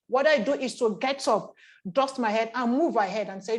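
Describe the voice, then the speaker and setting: A woman's voice: fairly high pitch, normal speed. A woman giving a motivational talk, repeating phrases and asking rhetorical questions. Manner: repetitive, rhetorical questions, acts out inner voices. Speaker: speaker on emotional intelligence.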